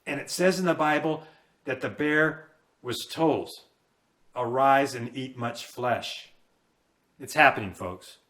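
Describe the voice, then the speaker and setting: A man's voice: medium pitch, slow pace, pauses often, fairly bright tone. A man in his fifties preaching a fiery end-times warning sermon, emphatic and repetitive, rising and falling in force.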